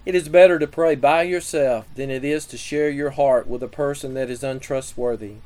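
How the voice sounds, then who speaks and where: A man giving a scripted sermon teaching on prayer, reading scripture and listing numbered points in a measured way. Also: fairly high pitch, a little mellow, low-quality recording. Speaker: preacher.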